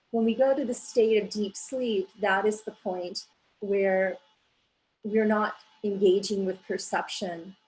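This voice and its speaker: A woman presenting her graduate research in a measured, explanatory way, with frequent fillers as she goes. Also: mid-range voice, a little mellow, poor audio. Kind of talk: academic presentation.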